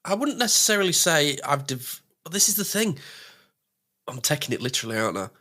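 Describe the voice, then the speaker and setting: Bright-voiced English man, animated chat. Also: fairly high pitch. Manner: animated, jumps in with quick asides. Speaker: podcast co-host. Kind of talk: casual chat.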